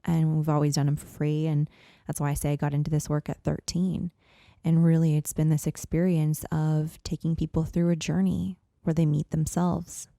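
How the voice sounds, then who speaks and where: A woman in her thirties telling a personal story as a podcast guest, earnest and animated, with lots of "like" and "you know.". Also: deep voice, normal speed, vocal fry, no room sound, studio quality. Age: 30s.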